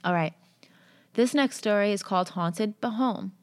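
A young woman tells personal stories and reads others aloud in a casual, conversational way, using frequent fillers. Her voice is mid-range and she speaks at a normal speed. The recording is dry.

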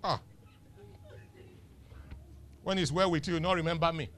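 A man's voice: a little high, steady tone, normal speed, a bit bright. A male pastor preaching a sermon, emphatic and teasing, firing rhetorical questions at the congregation. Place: church.

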